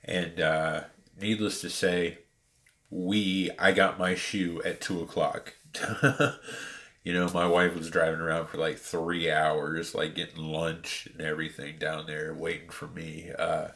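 Very deep-voiced man telling a story. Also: unhurried. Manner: animated retelling with many fillers. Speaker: sneaker reviewer. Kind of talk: casual storytelling.

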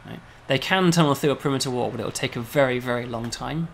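A man, a game developer, casually explaining a game demo, often pausing on "um" and checking with "right?". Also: mid-range voice, creaky, slight background noise.

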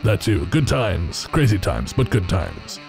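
Man, podcast co-host, low voice, animated pitch, jokey. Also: a little slow, creaky, soft background music. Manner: jokey, laughs often. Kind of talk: casual podcast banter.

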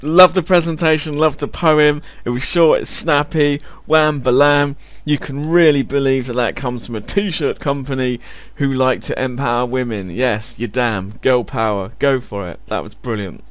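A man's voice: medium pitch, moderate pace, few pauses. A man doing sarcastic comedic commentary on a video, swearing heavily. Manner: sarcastic, heavy swearing, animated.

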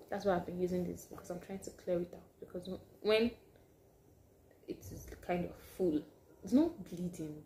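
A woman telling a personal story to camera in a casual vlog, animated and sometimes dropping to hushed asides. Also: lowish voice, gravelly, a little hiss or hum. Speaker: vlogger.

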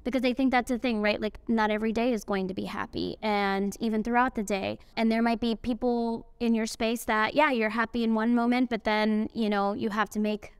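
A woman's voice: on the high side, steady tone, brisk, few pauses, clean tone, no echo. A young woman speaking on a panel at an event, chatting casually with lots of fillers and asides. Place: event venue indoors.

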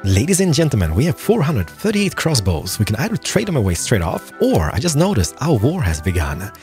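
A young man casually commentating his play through a strategy game, excitable and muttering to himself as he plays. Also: medium pitch, fairly quick, faint music behind. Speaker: gaming YouTuber. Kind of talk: gameplay commentary.

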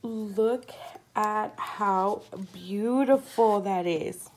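A woman hosting a casual unboxing chat from her home craft room. She gushes excitedly, often gasps, and keeps calling viewers "you guys.". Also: a little high, slow, gravelly. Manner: gushing and excitable, often gasping. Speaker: crafting channel host.

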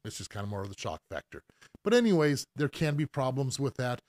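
A man's voice: medium pitch, brisk, no room sound. Laid-back man explaining piercings. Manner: relaxed, explanatory, loose with fillers. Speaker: professional piercer hosting a live Q&A. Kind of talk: casual live-stream chat.

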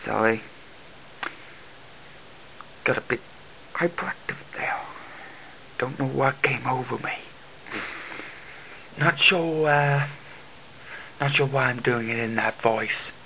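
A man vlogging in a casual, jokey way, swinging from mumbled asides to loud excited bursts, on dull lo-fi camera audio with faint hiss. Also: medium pitch, slow pace, gravelly, pauses often. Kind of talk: casual vlog.

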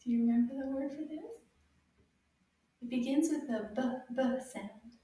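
A woman teaching children French words, encouraging them and repeating each word slowly with sound clues. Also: sits high, dark tone, distant mic. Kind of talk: slow, drawn-out teaching for kids. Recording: very echoey room, a bit off-mic.

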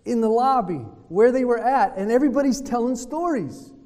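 A man giving a retreat talk in a preaching style, telling lively stories and acting out what other people said. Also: extremely high pitch, moderate pace. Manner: lively storytelling that acts out other people's words. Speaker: retreat speaker. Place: hotel conference room. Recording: long reverb of a hotel meeting hall.

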